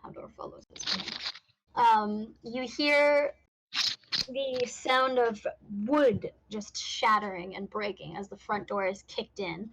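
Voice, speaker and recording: A woman's voice: a little high, fairly even intonation, slow pace, a bit bright, rough recording. A middle-aged woman narrating as game master, laughing often and restarting her sentences.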